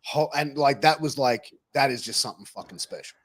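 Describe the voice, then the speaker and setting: A man's voice: mid-range voice, lively intonation, brisk. A man hosting a casual interview, swearing freely and calling his guest bro. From Australia. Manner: matey, swears casually, says bro and dude. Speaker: podcast host.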